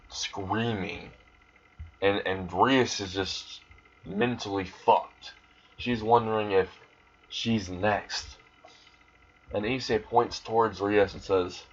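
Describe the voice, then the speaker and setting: A man casually narrating an improvised fan story in a rambling, crude, deadpan way. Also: fairly low pitch, highs cut off.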